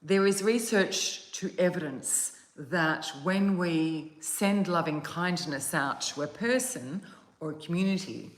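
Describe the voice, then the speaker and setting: Slow low-voiced woman vlogging gently. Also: reverberant. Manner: soft, gentle and meandering, with yawns. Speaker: meditation channel host. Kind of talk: casual chat to viewers. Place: at home, outdoors on a calm day.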